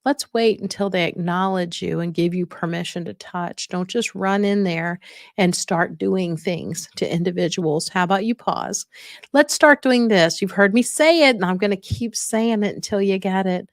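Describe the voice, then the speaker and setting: A woman's voice: lowish voice, fairly even intonation, moderate pace, dry recording, clean studio sound. A middle-aged woman hosting an instructional podcast, talking directly and coaching her listeners, repeating her key points. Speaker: podcast host.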